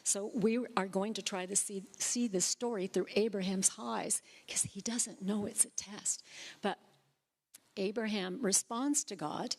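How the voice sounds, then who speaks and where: In church, a woman with a mid-range voice preaches a sermon, unpacking scripture in a lively, chatty manner and poking gentle fun at herself.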